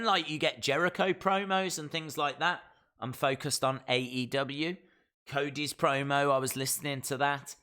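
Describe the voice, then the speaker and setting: Hosting a wrestling live stream, a man from the West Midlands, England, speaks with a Black Country English accent in loose, casual chat, reading viewer comments. His middle-pitched voice has a bright, forward edge, and his opinions come packed with fillers.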